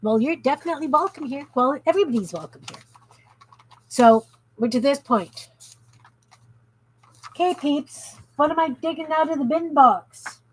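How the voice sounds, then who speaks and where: A woman from Canada with a high-sitting voice speaks at normal speed but leaves long pauses. She chats casually on a craft livestream from her home craft room, reading out viewer comments as she works, and the audio is poor.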